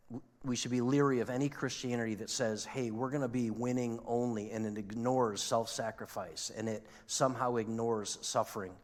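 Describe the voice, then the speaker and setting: A man's voice: mid-range voice, in a large hall. A man preaching a sermon as pastor, talking conversationally and asking his listeners questions. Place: church sanctuary.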